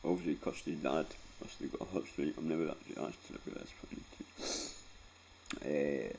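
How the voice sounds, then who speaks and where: A man's voice: very deep voice, moderate pace, vocal fry, darkish tone, slight background noise. A Scottish man in his forties telling a painful personal story in a rambling, sweary way, close to tears and often tagging on "right?". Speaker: vlogger.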